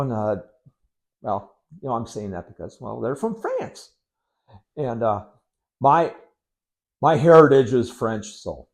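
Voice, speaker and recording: A middle-aged man from Wisconsin rambling casually to camera, unhurried and full of ums, with sarcastic asides. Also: medium pitch, vocal fry, a little mellow. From Wisconsin, United States. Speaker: vlogger.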